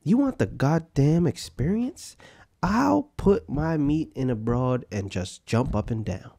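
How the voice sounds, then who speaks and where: A man's voice: on the high side, very animated, measured pace, mellow. Give me a young man ranting crudely on a podcast, his voice leaping all over the place. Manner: profane, heated ranting with mock fury. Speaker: podcast co-host. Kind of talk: crude comedic podcast rant.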